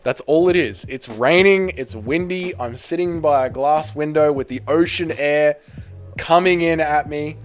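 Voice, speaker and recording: A man's voice: on the high side, unhurried, soft background music. A young man hosting a casual livestream, reading chat aloud and swearing bluntly. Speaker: livestream host.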